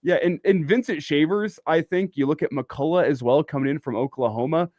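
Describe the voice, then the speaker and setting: A man's voice: a little high, fairly quick, no room sound, highs cut off. A man co-hosting a sports talk radio show, making his points in an emphatic, argumentative way. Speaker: radio co-host.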